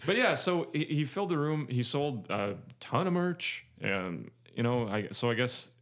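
A man co-hosts a podcast in casual chat, rambling, jokey, and heavy on fillers. His mid-range voice has lively intonation, a moderate pace, and a fairly bright tone.

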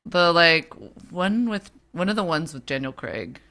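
A woman's voice: on the low side, animated, unhurried, bright, forceful tone. A woman co-hosting a podcast in casual chat, playful and teasing. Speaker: podcast co-host.

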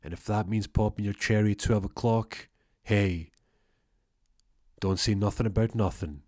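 A man voicing a frantic, grateful young gang leader, loud and pushy. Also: lowish voice, steady tone, moderate pace, no echo, studio quality, lightly acted.

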